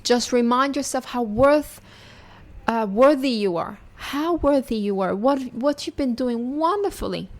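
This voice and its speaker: A woman's voice: on the high side, animated, a little slow. Earnest, reassuring woman podcast host. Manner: earnest, reassuring, speaks directly to listeners. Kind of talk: encouraging podcast talk.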